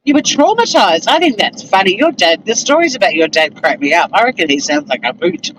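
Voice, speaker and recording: Her voice sits on the low side, very animated and fairly quick, with background noise behind it. This streamer reads viewer comments and answers them in a blunt, exasperated rant full of swearing and frequent laughter.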